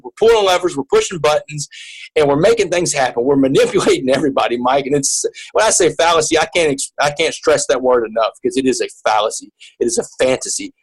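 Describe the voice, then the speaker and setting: A man's voice: on the high side, breathy edge, poor audio. A man as an interview guest, telling a personal story in an earnest way, often repeating and restarting his words.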